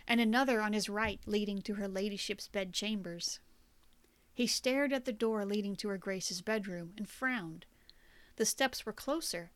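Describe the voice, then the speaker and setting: A woman narrating a fantasy story as an audiobook reader in a measured, suspenseful way. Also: medium pitch, dry recording.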